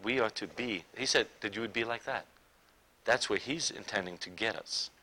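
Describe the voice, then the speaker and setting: A man preaching a sermon, swinging between loud emphatic declarations and quiet, intimate asides. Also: fairly low pitch, moderate pace.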